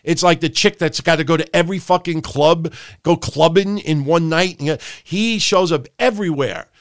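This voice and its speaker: Here the wrestling podcast host speaks at normal speed in a slightly high voice, ranting with profanity and mocking impressions of others. It's a dry recording with clean studio sound.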